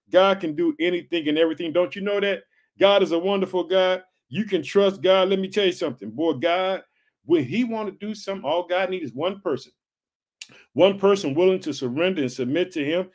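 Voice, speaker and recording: Fired-up preaching man, rather high voice. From Illinois, USA. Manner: exhorting, repetitive call-and-response phrasing. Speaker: podcast preacher. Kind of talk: energetic podcast sermon.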